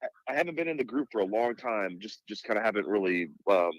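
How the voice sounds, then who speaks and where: A man's voice: on the low side, expressive, fast, no echo, poor audio. A man co-hosting a live call-in podcast, talking in an enthusiastic, effusive way. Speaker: podcast co-host.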